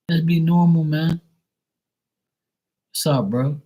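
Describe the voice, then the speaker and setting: A man with a husky, breathy voice rants to his livestream viewers in a casual way. He is blunt and profane, and he mocks the people he talks about with a sharp tongue. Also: on the high side, lively intonation, slow, low-quality recording. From Bermuda. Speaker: livestream host.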